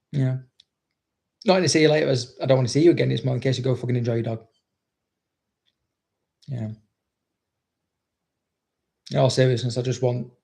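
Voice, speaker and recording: A man's voice: mid-range voice, creaky, dark tone. A man, a dog trainer, chatting casually on a livestream and reading out viewer comments, blunt and swearing constantly as he rambles.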